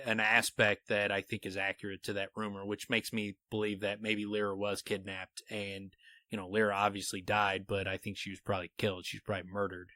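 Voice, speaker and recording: A man's voice: lowish voice, no echo. A man co-hosting a podcast, eagerly explaining a fantasy book theory in casual chat and reading passages aloud. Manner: animated, explains theories, reads quotes aloud. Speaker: podcast co-host.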